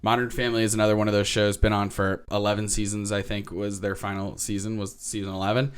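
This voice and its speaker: A man co-hosts a casual podcast, retelling an episode with lots of energy. His voice sits low and comes across smooth and clear. He acts out the characters' lines, laughs often and drops the odd swear. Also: level tone, quick pace. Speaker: podcast co-host.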